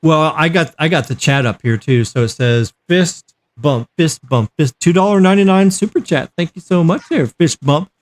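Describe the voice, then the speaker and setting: A man's voice: fairly high pitch, normal speed. A man hosting a tech livestream in casual chat, joking and reading out viewer messages.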